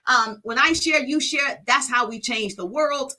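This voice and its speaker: A woman's voice: sits high, unhurried, bright, forceful tone. A middle-aged woman business coach hosting a live stream from her phone, energetically hyping viewers by name and teaching.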